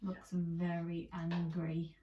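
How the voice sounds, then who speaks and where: A woman teacher leading a lively, sing-song phonics lesson for young children. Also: fairly low pitch, slow, distant mic, dull audio. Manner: animated, sing-song, encouraging. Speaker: primary school teacher.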